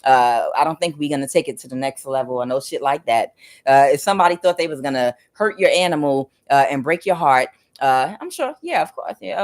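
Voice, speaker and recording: A frank, profane woman tarot reader tells a personal story straight to her viewers in a casual, animated way. She laughs often and jumps into the voices of the people she describes. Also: extremely low pitch, a little fast.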